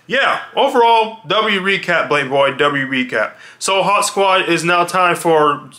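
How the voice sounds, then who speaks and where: A man's voice: high-pitched, lively intonation, slow pace, pushed and bright. A man hosting a reaction video, talking casually and loosely, often repeating himself. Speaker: reaction channel host.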